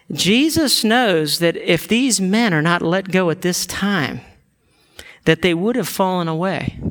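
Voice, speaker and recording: A man preaching a sermon, retelling scripture stories and acting out the quotes, building to loud emotional peaks. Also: high-pitched. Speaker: pastor.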